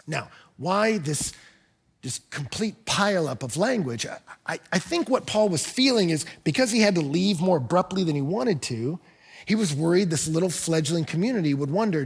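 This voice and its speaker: A man preaching in a church with a high, gravelly voice edged with husky breath. He delivers the sermon with passion, dropping to near-hushed phrases and then rising to loud, pressing emphasis. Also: very animated, moderate pace. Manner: impassioned, swings between hushed and loud emphasis. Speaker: pastor.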